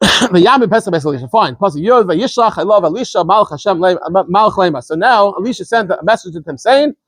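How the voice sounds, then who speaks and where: A man, a rabbi, giving an informal Torah lesson, explaining quickly and animatedly, often stumbling and repeating words as he goes. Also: high-pitched, expressive, fairly bright tone, husky, no echo. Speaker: rabbi teaching a daily scripture class.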